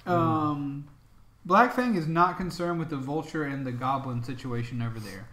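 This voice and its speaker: A man's voice: fairly high pitch, moderate pace, fairly bright tone, echoey room, a little hiss or hum. A man narrating a tabletop game as dungeon master, in a loose, chatty way with plenty of ums and laughs.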